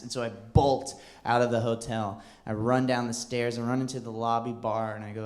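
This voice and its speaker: A man's voice: little pitch movement, a little mellow. A male stand-up comedian telling a rambling story on a club stage, full of restarts and fillers. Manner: rambling, halting delivery with bursts into a high wailing child voice.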